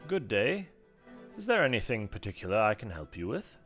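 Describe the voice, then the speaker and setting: A man's voice: lowish voice, sing-song, moderate pace, fairly bright tone, faint music behind. A man voicing a polite male shopkeeper in a put-on British accent, formal and helpful. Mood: courteous.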